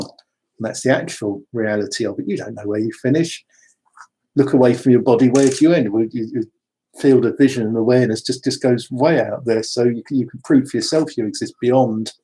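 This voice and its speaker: A man's voice: medium pitch, mellow, husky. A man giving a rambling, conversational spiritual talk full of asides. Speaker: spiritual speaker.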